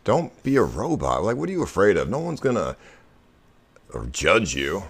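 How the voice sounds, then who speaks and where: A man's voice: low voice, wildly swooping pitch, moderate pace, vocal fry, breathy edge. A man in his thirties, a streamer, coaxing and persuading someone in casual stream talk.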